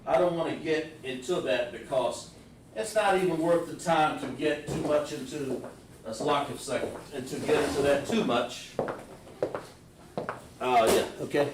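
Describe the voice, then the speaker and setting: This scripture class is live-streamed by a religious teacher who talks a little slowly in a fairly high voice, laying out word meanings step by step and addressing listeners directly. There's background noise, heavy room echo, and a far-off microphone.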